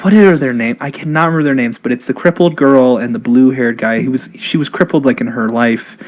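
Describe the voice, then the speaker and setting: A young man co-hosting a podcast who talks in an excitable, gushing way. He rambles through long explanations with plenty of fillers. His voice has a mid pitch for a man. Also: brisk. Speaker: podcast co-host. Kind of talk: casual chat.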